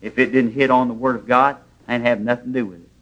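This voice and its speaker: A man preaching in a church, a mid-pitched voice that tells folksy stories with homespun grammar. The sound is dull and lo-fi, like an old sermon tape. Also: little pitch movement, quick pace, a bit bright. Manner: folksy storytelling preaching, plain rural grammar.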